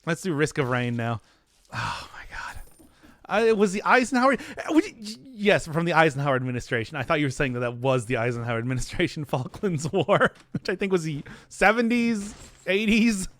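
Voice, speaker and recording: A man's voice: a little high, expressive, fairly quick, a bit bright, dry recording. A man streaming a game, giving casual commentary full of giggly, self-deprecating banter with his chat.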